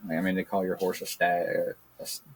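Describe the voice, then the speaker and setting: A man's voice: low voice, slightly rough. A man co-hosting a casual podcast, talking bluntly and ranting, swearing freely. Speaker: podcast co-host. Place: backyard. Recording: poor audio.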